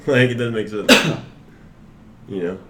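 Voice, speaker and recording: A man's voice: fairly low pitch, measured pace, heavy background noise. A man playing a tabletop game, talking hesitantly in casual chat. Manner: hesitant, full of "like" and "I mean". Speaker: player.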